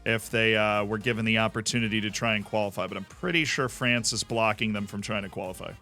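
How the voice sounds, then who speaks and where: Brief: male streamer, chatty and jokey, bright tone, faint guitar music behind. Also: on the low side, steady tone, fast. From Florida. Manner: chatty, enthusiastic, jokey asides. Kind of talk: casual gameplay commentary.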